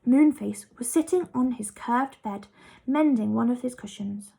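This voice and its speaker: A woman reading a children's book chapter aloud in a lively, expressive way. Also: fairly high pitch, measured pace, creaky. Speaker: storyteller.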